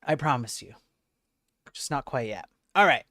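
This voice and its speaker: A man's voice: mid-range voice, animated, normal speed, bright, forceful tone, no room sound. A man hosting a casual coding livestream, chatting with viewers and restarting his sentences often. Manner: chatty, reads and answers chat, frequent restarts. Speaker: livestream host.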